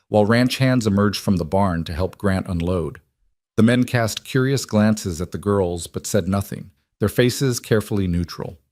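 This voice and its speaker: Low-voiced male story narrator. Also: darkish tone, dry recording, clean studio sound.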